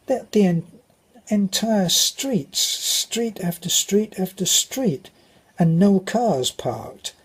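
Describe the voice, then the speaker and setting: A man's voice: high-pitched, animated, takes it slowly, breathy edge. An older British man telling rambling stories about his childhood. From Britain. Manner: rambling, anecdotal, with restarts. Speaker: vlogger. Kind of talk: casual storytelling.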